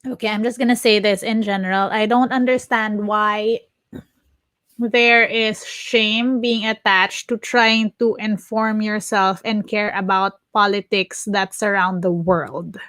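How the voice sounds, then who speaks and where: A woman from the Philippines co-hosting a podcast, talking politics in an opinionated, animated way. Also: medium pitch, measured pace, dry recording. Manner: opinionated, animated, restarts mid-thought. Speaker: podcast co-host. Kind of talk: casual chat.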